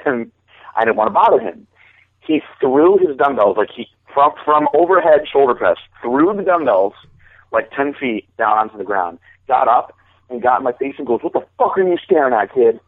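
A man's voice: mid-range voice, sing-song, moderate pace, no room sound. A man in a casual podcast chat, telling a long story and often restarting his sentences. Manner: rambling, repeats words when starting sentences. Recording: dry, phone-like call audio.

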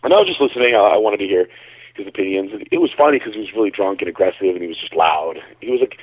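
Husky man on a phone line. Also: lowish voice, racing, dry recording. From Connecticut, USA. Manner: relaxed, rambling, lots of fillers. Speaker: bodybuilder and caller. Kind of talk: casual storytelling on a call-in show.

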